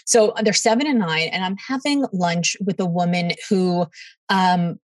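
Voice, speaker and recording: A middle-aged woman, a podcast guest, answering in an animated way and acting out what others said to her. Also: fairly low pitch, measured pace, no echo, far from the mic. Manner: animated, quotes others in dialogue. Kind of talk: storytelling interview answers.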